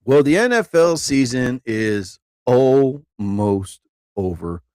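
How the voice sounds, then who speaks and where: A man hosting a live stream, telling rambling stand-up stories casually, laughing often and jumping into higher voices to act out quotes. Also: expressive, takes it slowly, darkish tone, clear, resonant tone, dry recording. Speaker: live show host, comedian.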